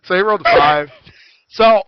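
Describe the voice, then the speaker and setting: A man's voice: sits high, normal speed, clear, resonant tone, no echo, lo-fi sound. A man narrating as dungeon master over voice chat, laughing and swearing as he goes. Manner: giggly, animated, swearing. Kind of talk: narrating a tabletop game.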